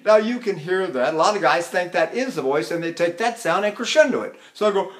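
Older male voice teacher, high-pitched speaking voice. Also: big pitch swings, a little fast, hardly any pauses, fairly bright tone. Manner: chatty and anecdotal, breaks into sung opera demonstrations; addresses students directly with frequent "see?". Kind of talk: recorded lecture on vocal technique.

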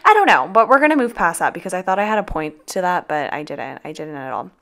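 A woman talks through a casual vlog voiceover. Her voice sits on the low side and sounds groggy, as she has just woken up. She is chatty and loose, saying y'all and dropping the occasional swear word. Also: very animated, fast, vocal fry, fairly bright tone. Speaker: planner vlogger.

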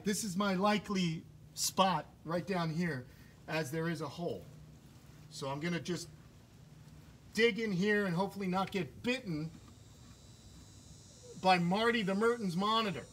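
A man's voice: high-pitched, a little slow, pauses often, fairly bright tone, a little hiss or hum. A man giving an enthusiastic, chatty live tour of an outdoor animal sanctuary, filmed on a phone he carries as he walks. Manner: enthusiastic, chatty, addresses viewers as guys. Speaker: wildlife sanctuary vlogger. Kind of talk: live-streamed walking tour. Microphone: phone held while walking. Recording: phone mic, level shifting as he turns.

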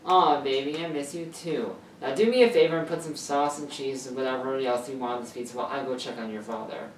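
A sassy, quick-tongued mother, teasing and pitched up, as a woman reading a story puts her on. The voice sits far from the mic in an echoey room with a faint hiss behind it. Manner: sharp, sassy retorts.

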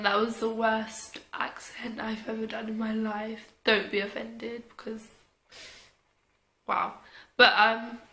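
A woman's voice: fairly high pitch, bright, forceful tone, roomy sound. A young woman chatting casually, with lots of fillers, telling a story to camera. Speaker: vlogger.

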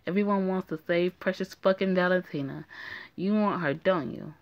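A woman's voice: on the low side, moderate pace, muffled recording, close to an everyday voice. Bitter, defiant young heroine in a story game, read by a woman in her own voice.

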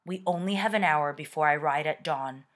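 A woman's voice: low-pitched, expressive, a little slow, a bit bright, breathy edge, full character voice. A woman voicing a defiant, determined king in a storybook read-aloud, speaking earnestly and urgently. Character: resolute, defiant male king.

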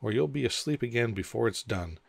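A man with a gravelly voice voicing a rude, whimsical mad hatter in an audiobook, speaking in a pompous, contemptuous, theatrical way. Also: mid-range voice, lively intonation, brisk, dry recording, pitched above the performer's own voice. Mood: triumphant.

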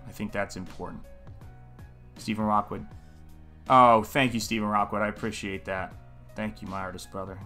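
A man's voice: fairly low pitch, fairly even intonation, moderate pace, long pauses, pushed and bright, soft background music. A man hosting a live painting stream, talking in a casual, earnest, musing way and greeting viewers in the chat by name.

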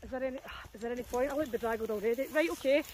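A woman's voice: fairly high pitch, rapid-fire, background noise. A young Scottish woman chatting casually on a dog walk outdoors, scattered and self-mocking, with the odd swear. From Scotland. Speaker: dog walker vlogger. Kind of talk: casual chat.

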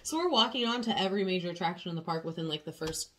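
Laughing animated woman in her thirties. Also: fairly low pitch, very fast, crowd noise. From Southern Oregon. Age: 30s. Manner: animated storyteller, laughs often. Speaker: guest telling a travel story. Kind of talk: casual chat.

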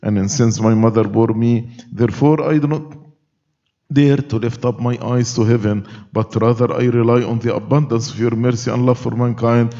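A man recites liturgical prayers in a solemn, measured way, his tone mellow and warm. The sound is dull and lo-fi, with a long reverb from a large church. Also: medium pitch, steady tone. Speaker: clergy leading the liturgy.

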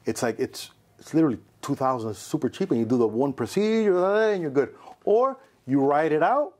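A man hosting a casual podcast interview, telling a story with lively quoted voices. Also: on the high side, moderate pace. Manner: bald. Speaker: podcast host.

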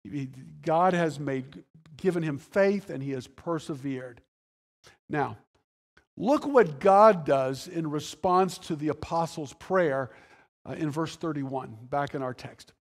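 A man's voice: on the high side, slow pace, in a large hall. A male pastor delivering a conversational sermon, full of restarts and quoted dialogue that he acts out. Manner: conversational preaching with restarts and dramatic quoted voices. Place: church sanctuary.

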